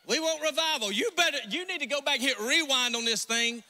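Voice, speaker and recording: A pastor with a north Georgia Southern accent preaching a folksy, joking sermon in a church sanctuary. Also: male voice, very high voice, a little fast, sharp tone. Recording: long reverb in a church hall.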